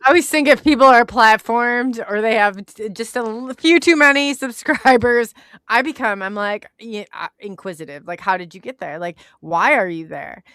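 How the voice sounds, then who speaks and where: A woman hosts the show and muses in a casual way, laughing now and then between her words. Her voice is smooth and resonant, and the sound is dry and close with no room echo. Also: on the high side, moderate pace, a bit bright. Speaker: show host. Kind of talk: casual chat.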